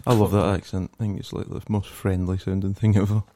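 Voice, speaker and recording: A man's voice: low voice, flat delivery, a little fast, dark tone. A man chatting casually on a podcast, amused and laughing through his stories. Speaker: podcast co-host. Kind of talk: casual banter.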